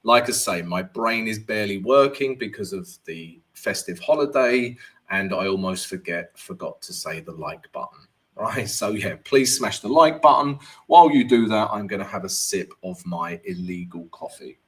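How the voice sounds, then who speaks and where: A man's voice: fairly low pitch, lively intonation, moderate pace, fairly bright tone. Chatty man hosting a trading live stream. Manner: chatty, reads viewer comments aloud and answers them; upbeat greetings, talks while walking through charts. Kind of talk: casual live-stream chat.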